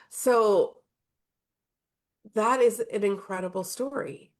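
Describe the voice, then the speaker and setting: Podcast host, woman, slow and gravelly, probing but supportive. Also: fairly low pitch. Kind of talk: casual interview.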